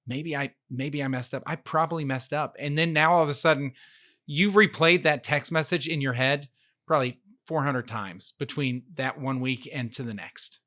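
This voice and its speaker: A man's voice: mid-range voice, moderate pace, sharp tone. A man co-hosting a podcast, telling a story in casual chat and acting out the dialogue he quotes. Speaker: podcast co-host.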